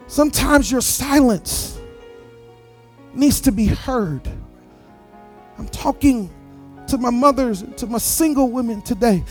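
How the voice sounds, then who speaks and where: A man's voice: very high-pitched, slow, long pauses, a little mellow, soft background music. A man preaching a sermon as pastor, in a sing-song preaching cadence with repeated phrases.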